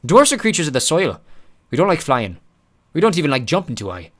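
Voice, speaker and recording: A scheming dwarf thief with a loud, high-pitched voice, as a male narrator puts him on. He talks with sly mock-innocence and a bouncy, lively lilt. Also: a little fast. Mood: anxious.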